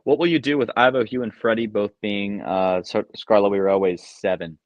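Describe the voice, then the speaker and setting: A man's voice: lowish voice, steady tone, moderate pace, no echo. A young man hosting a live stream, reading chat questions and answering them offhand with many ums and uhs. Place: basement room at home. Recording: dull lo-fi sound.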